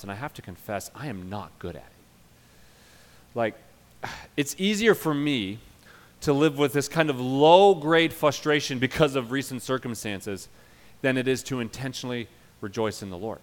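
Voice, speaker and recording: A male pastor preaching a sermon, emphatic, swinging from loud urging to quiet earnest passages. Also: mid-range voice, normal speed, in a large hall.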